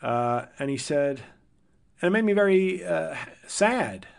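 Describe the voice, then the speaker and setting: A podcast host with a gravelly voice and lively intonation, speaking a little slowly, tells a long personal story in a casual, rambling way and corrects himself as he thinks aloud. When quoting people, he gets livelier and higher.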